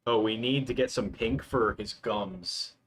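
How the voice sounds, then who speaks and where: A man's voice: on the low side, unhurried, slight background noise. A young man in casual live-stream chat, answering viewers while he works, rambling and filling his talk with "like". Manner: rambling, full of "like" fillers. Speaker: livestreaming animator.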